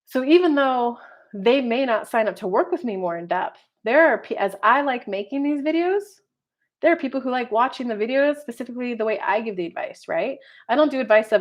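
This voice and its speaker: Woman, tarot reader vlogging, somewhat high voice, chatty, rambling delivery. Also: expressive, fairly quick, lo-fi sound. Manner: chatty, rambling, full of filler words. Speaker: tarot reader and life coach. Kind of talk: casual horoscope video monologue.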